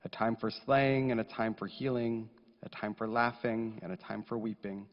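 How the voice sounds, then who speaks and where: A man leading a funeral service, speaking solemnly and reading verses in a measured, chanting way. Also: on the low side, flat delivery. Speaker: rabbi officiating a funeral. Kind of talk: eulogy and scripture reading. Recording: echoey hall, dull lo-fi sound.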